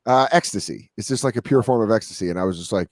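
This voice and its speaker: A man's voice: fairly low pitch, rapid-fire, no echo, clean studio sound. A man in his thirties, a comedian guest telling drug stories in casual chat, acting out other people's voices. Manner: animated storytelling, acts out quotes.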